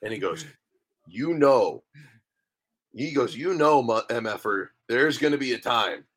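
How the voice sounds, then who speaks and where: A man's voice: medium pitch, expressive, a little slow, fairly bright tone, breathy edge. A man in his thirties, a guest on a podcast, telling a long story casually and acting out the dialogue. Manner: rambling storyteller, acts out dialogue. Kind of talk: casual interview chat.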